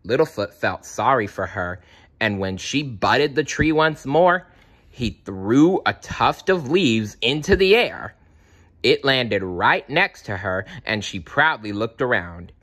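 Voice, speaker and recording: Male storybook narrator, unhurried, dramatic and lively reading. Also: medium pitch. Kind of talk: storybook read-aloud.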